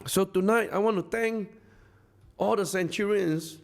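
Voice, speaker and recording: High-voiced man giving an effusive stage speech. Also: a little slow, vocal fry. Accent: Singaporean English. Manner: effusive, repetitive, rallying the crowd. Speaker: company founder addressing a masterclass audience. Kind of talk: live stage speech to an audience.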